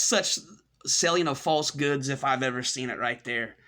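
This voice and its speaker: Scornful ranting man, bright edgy voice. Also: medium pitch, moderate pace. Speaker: commentary host. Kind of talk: ranting monologue.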